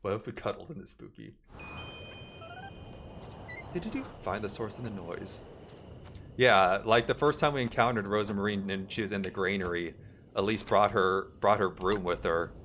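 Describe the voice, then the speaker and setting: A man's voice: lowish voice, normal speed, pauses often, a bit bright, a little hiss or hum. A man chatting casually with his viewers while streaming a horror game. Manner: chatty, greets chat, laughs easily. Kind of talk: casual livestream gameplay commentary. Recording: stream audio with game music.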